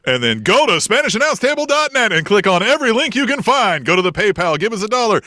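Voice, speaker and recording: A man co-hosting a casual podcast, tossing in quick jokes and laughing along. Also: high-pitched, animated, bright, forceful tone, no room sound, studio quality. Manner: quick joking interjections and laughter. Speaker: podcast co-host. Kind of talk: casual wrestling podcast chat.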